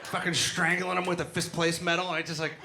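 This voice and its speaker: A middle-aged man doing a stand-up set on a club stage, with dark, deadpan crowd work and acted-out voices. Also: high-pitched, a little fast, creaky, noisy background. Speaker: stand-up comedian. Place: comedy club stage before a live audience. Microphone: handheld stage mic. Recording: live club recording, loud crowd laughter.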